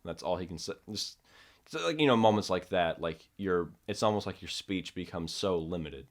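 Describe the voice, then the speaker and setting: A man with a very low voice chatting casually on a podcast. He rambles and restarts, and now and then drops into a hushed voice to act out a scene. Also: animated, moderate pace. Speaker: podcast co-host. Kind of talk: casual chat about horror films.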